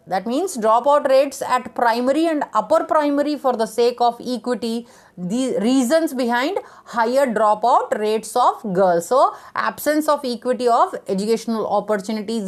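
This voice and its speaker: A woman teacher giving an education lecture, reading out numbered points with occasional fillers and restarts. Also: fairly high pitch.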